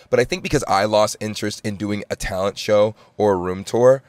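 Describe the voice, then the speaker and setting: A man's voice: brisk, few pauses, dry recording. A young man in his twenties, co-hosting a podcast in casual chat, telling stories and acting out what people said. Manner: storytelling, acts out quoted lines with jumps in pitch. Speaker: podcast co-host.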